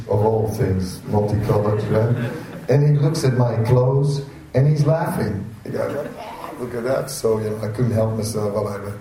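A man preaches in a loose, storytelling way, slow and mellow. His voice is picked up from a distance in a very reverberant temple hall. A faint room hum sits behind him. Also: mid-range voice. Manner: chatty, anecdotal, laughs at own jokes. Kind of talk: informal sermon. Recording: roomy echo, speaker away from the mic.

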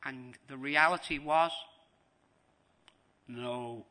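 A man's voice: fairly high pitch, measured pace. A man giving a devotional lecture as a spiritual teacher, repeating phrases for emphasis and acting out scenes. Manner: animated, acts out scenes.

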